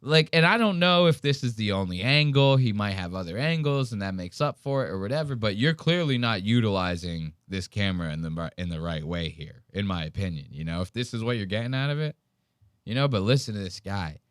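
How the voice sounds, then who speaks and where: A man's voice: on the low side, animated, fairly quick, fairly bright tone, clean tone, no room sound, studio quality. A young man hosting a podcast, reacting to a video in a rambling, profane and incredulous way. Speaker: podcast host. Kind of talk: casual commentary reacting to a video.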